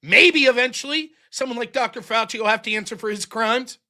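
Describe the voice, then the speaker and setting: The host of a livestream, a man with an extremely high, bright, pushed voice, goes on a brisk, profanity-filled political rant. His anger comes through in frequent swearing and a rapid stream of rhetorical questions.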